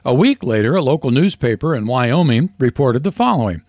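A man's voice: medium pitch, very animated, fairly quick, a little mellow, dry recording. Folksy radio guy telling jokes, voice goes up and down a lot, dry sound. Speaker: radio co-host. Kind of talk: reading jokes on a radio show.

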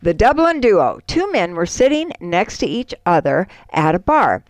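A woman co-hosting a farm radio show, reading ads and telling jokes in a lively way. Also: on the low side, normal speed, no room sound. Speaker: radio co-host.

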